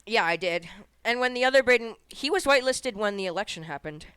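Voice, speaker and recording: A woman's voice: a little high, animated, quick pace, a bit bright, clear, resonant tone, dry recording. A woman co-hosting a casual podcast, telling stories in a rambling way, swearing often and breaking into laughter. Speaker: podcast co-host. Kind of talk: casual storytelling chat.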